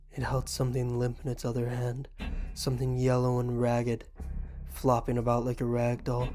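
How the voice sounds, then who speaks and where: Guy reading a creepy story, pretty flat monotone, soft music underneath. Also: medium pitch. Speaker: horror story narrator. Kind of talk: scripted horror narration.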